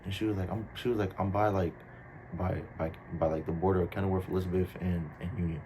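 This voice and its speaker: A young man from New Jersey with a New Jersey accent, telling a casual storytime in slangy, animated talk. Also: low voice, quick pace, a little hiss or hum.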